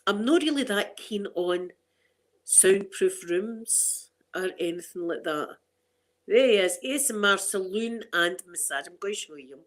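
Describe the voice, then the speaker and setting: A woman's voice: medium pitch, expressive, unhurried. A middle-aged Scottish woman hosting an ASMR channel, chatting casually and rambling to her viewers. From Scotland. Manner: chatty and rambling, with frequent restarts and laughter.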